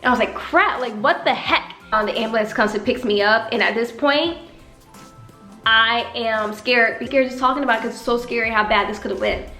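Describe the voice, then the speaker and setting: A young female vlogger with a slight Southern country accent tells a personal story, animatedly acting out the people in it with exaggerated put-on voices. Her voice is on the high side and fairly quick, recorded in an echoey room with faint music.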